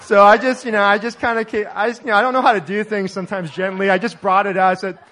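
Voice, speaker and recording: A middle-aged male pastor telling a story in a sermon, animated and laughing as he acts out the dialogue. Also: sits high, quick pace.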